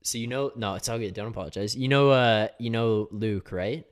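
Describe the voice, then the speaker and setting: A man with a slightly low voice hosts a relaxed post-game livestream. He chats loosely and laughs easily, breaking off to read viewer comments aloud. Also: normal speed. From Canada. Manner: laid-back, chatty, laughs often, reads chat comments aloud. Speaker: host. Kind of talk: casual post-game stream chat.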